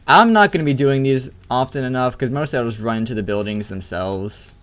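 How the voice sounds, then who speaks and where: A man in middle pitch talks through a game he is playing in a loose, casual way. He rambles, stops himself and starts over as thoughts come to him. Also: a little fast, fairly bright tone. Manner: rambling and self-correcting. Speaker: let's play host.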